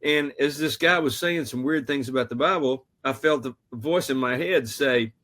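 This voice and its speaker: A man's voice: medium pitch, moderate pace, few pauses, pushed and bright. A man, an author, telling a personal story in an earnest, anecdotal way during an interview. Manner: earnest, anecdotal, with frequent restarts. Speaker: author and guest.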